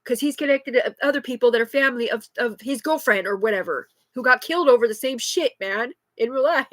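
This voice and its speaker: A high-pitched woman in her thirties rants in a loose, rambling live monologue, swearing constantly. Her voice is close and dry, picked up on a phone. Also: expressive, normal speed, fairly bright tone, no echo. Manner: agitated, rambling, heavy swearing. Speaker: livestreamer.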